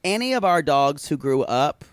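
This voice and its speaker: A man's voice: on the high side, big pitch swings, normal speed, smooth, dry recording, studio quality. A man co-hosting a podcast, sassily recapping a reality show and calling the listeners y'all. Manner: sassy, keeps addressing listeners as y'all, laughs a lot. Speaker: podcast co-host.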